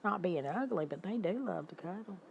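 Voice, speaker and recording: An older woman chatting casually with her livestream viewers, animated, greeting them by name and laughing often. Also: on the low side, fairly quick, vocal fry, lo-fi sound, a little hiss or hum. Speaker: livestream host. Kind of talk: casual chat with live viewers.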